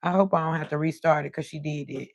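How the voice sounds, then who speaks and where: A woman in her fifties chatting on a livestream as host, telling animated stories with plenty of cussing. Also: sits low, fast, creaky, no room sound. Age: 50s. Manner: chatty, animated storytelling with cussing and quoted voices. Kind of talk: casual livestream chat.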